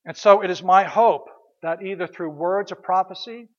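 A man's voice: sits high, normal speed, dull audio. A man preaching a conversational sermon as pastor, telling stories, repeating his words and asking rhetorical questions.

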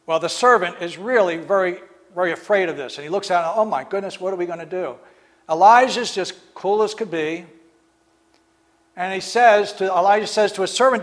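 A man's voice: high voice, fairly quick. A man preaching a sermon, retelling stories in a conversational way and acting out the speakers in them. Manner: storytelling, acts out speakers in the stories, fillers.

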